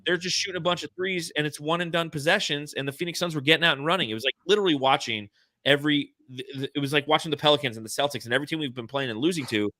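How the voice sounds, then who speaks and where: A man's voice: a little high, very fast, sharp tone, no room sound. A man hosting a casual sports podcast, joking around and sometimes slipping into a put-on cowboy drawl. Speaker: podcast host.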